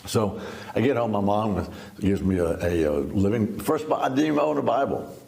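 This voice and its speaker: A man's voice: fairly low pitch, lively intonation, normal speed, vocal fry, darkish tone. A man in his seventies, a guest in an interview, telling his life story in a folksy, laughing, storytelling way. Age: 70s. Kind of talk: storytelling testimony.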